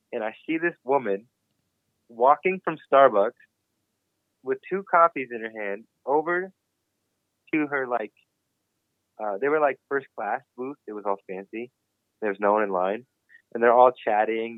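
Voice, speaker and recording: A young man, a guest on a podcast, telling a story in casual, animated talk and swearing constantly. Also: mid-range voice, moderate pace, long pauses, no echo. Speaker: podcast guest, BMX rider. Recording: dry, phone-like narrow sound.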